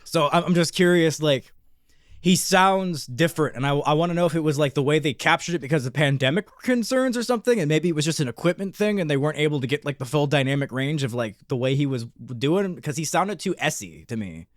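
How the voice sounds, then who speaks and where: A man's voice: a little high, animated, quick pace, no echo, studio quality. Lisping man in casual podcast chat. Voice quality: slight lisp. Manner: rambling, profane, hesitant. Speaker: podcast co-host.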